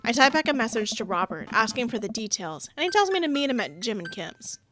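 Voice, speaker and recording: A woman's voice: on the high side, big pitch swings, a little fast, a bit bright, faint music behind. A woman playing a visual novel, narrating it aloud and breaking off for wry, laughing asides. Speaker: game streamer.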